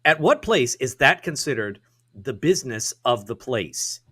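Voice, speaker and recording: A man on a casual talk show, speaking deliberately and emphatically. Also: husky. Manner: deliberate, emphatic, lively pitch. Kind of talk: casual chat.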